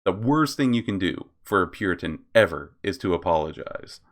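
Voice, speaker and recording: A man's voice: low-pitched, lively intonation, normal speed. A man hosting his own commentary channel, reading out posts and reacting with frequent laughter, swearing and stumbles over names.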